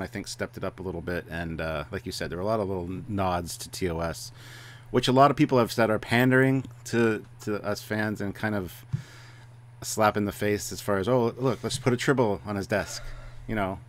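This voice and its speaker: Low-voiced man chatting hesitantly. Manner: hesitant, many fillers and restarts. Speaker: co-host of a review show. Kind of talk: casual review chat.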